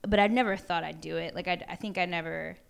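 A woman's voice: fairly low pitch, fast, gravelly. A woman in a casual chat, telling a story with lots of fillers. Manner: animated storyteller, many fillers, laughs often. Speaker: guest.

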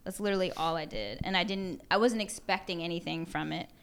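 A woman's voice: lowish voice, fast, clear, resonant tone. A woman in a casual chat, telling a story with lots of fillers. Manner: animated storyteller, many fillers, laughs often. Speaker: guest.

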